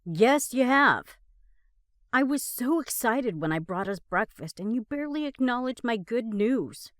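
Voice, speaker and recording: A hot-tempered young man, played by a woman in an audio story, barking and snapping. The voice runs high, lively and loud, with a dry, close sound. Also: measured pace, no room sound. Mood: furious. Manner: cross, barking, yelling.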